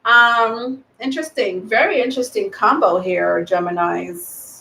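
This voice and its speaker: A woman giving a live tarot reading, rambling and thinking aloud with many pauses and ums. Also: mid-range voice, gravelly, sharp tone. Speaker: tarot reader. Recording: roomy echo.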